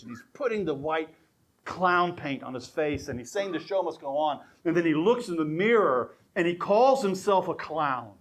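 A man preaching a sermon, telling a story in an animated way, often restarting and repeating words. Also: on the high side.

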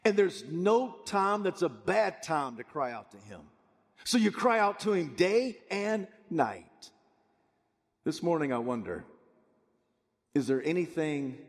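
A man preaching a sermon as pastor, impassioned, swinging between loud pleading and hushed, quiet stretches. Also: on the high side, sing-song, slow, long pauses. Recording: long reverb of a large hall.

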